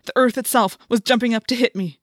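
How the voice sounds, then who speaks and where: A woman's voice: fairly high pitch, fast, no room sound, studio quality. A woman narrating an audiobook in the first person, telling the story with intense, dramatic delivery.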